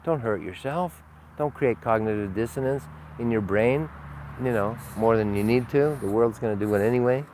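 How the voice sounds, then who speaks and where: A man giving an unscripted spiritual monologue, rambling and blunt, with frequent swearing and sudden swings between loud and soft. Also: mid-range voice, moderate pace, a little hiss or hum. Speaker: spiritual teacher.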